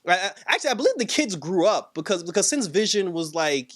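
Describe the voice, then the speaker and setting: A man's voice: very animated, normal speed, a bit bright. A man casually reviewing a TV episode, laughing often and acting out characters' lines. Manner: laughing, filler-heavy, acts out quotes in a high voice. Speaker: show reviewer.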